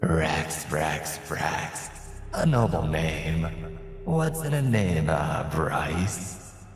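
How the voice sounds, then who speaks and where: A man's voice: very deep voice, animated, very slow, echoey room, long reverb tail, soft background music, full character voice. A man whispering as a hissing, gloating monster. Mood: gleeful. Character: gloating whispering male monster, sly and cruel. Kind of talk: whispered role-play.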